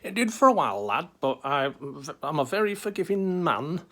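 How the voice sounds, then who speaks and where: Jesus as a man plays him, chummy northern English bloke, Northern English accent, higher voice, breezy and loud. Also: very animated, normal speed, full character voice. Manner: chummy and casual, calls people pal and lad. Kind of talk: comic improvised interview.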